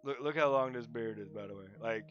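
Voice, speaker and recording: A man's voice: mid-range voice, a little fast, fairly bright tone, lo-fi sound, faint music behind. A man chatting casually and rambling while drawing on a livestream, laughing often. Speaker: livestreaming digital artist.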